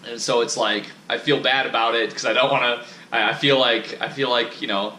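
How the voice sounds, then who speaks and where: A man's voice: mid-range voice, fairly even intonation, fairly quick, sharp tone. Rambling, profane man in an echoey room. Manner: rambling, profane, self-critical. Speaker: vlogger. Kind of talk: casual rambling monologue.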